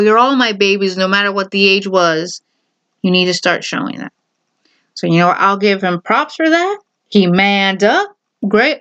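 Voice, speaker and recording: A woman's voice: mid-range voice, a bit bright, clean tone. A woman vlogging her opinions in a casual, emphatic way, repeating her points and speaking straight to the viewer.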